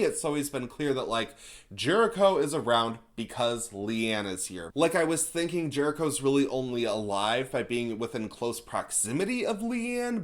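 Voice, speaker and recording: A man recapping a TV episode in a casual, profane, sarcastic way, laughing as he goes. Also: medium pitch. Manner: chatty, profane and sarcastic, laughing as he retells scenes. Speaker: TV recap reviewer.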